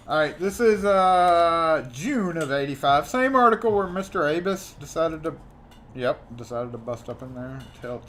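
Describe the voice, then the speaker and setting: A man's voice: on the high side, slight background noise. A man hosting a live stream, reading old magazine letters aloud with theatrical flair and joking asides. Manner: animated, jokey, theatrical reading. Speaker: host.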